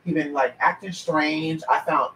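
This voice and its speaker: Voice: medium pitch, steady tone, a little slow, fairly bright tone, roomy sound, far from the mic, a little hiss or hum, pitched below the performer's own voice, lightly acted, low-quality recording. A psychic livestreamer voicing a woman client who rambles and asks vague, hesitant questions. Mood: rambling. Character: adult woman client seeking a psychic reading.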